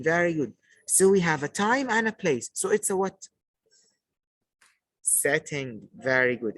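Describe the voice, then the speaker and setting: A man's voice: on the high side, slightly rough, dry recording, rough recording. A man teaching a poetry lesson to a class, asking questions and praising the answers, and repeating key points. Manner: slow, repetitive teaching delivery.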